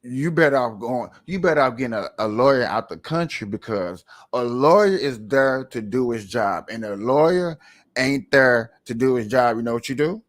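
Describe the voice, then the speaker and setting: A man giving casual commentary to viewers as he plays a clip, animated and ranting, repeating himself often. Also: mid-range voice, moderate pace. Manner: animated, repetitive, rambling rants; talks to viewers while playing a clip.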